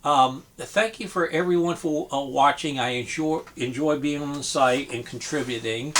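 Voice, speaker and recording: A man giving a casual spoken review of a music album, hesitant, with frequent ums and restarts, relaxed and appreciative. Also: mid-range voice, normal speed, background noise.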